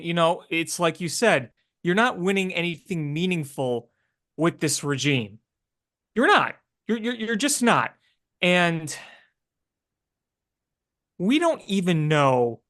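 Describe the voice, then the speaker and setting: Slow-talking man co-hosting sports chat. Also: on the high side, a bit bright. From Chicago area. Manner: agreeable, frequent fillers. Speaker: sports talk podcast co-host. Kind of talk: casual sports talk.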